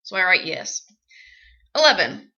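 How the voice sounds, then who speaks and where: A woman actress telling a comic personal story, animated and wry, with sarcastic asides. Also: fairly low pitch, a little slow, dull audio.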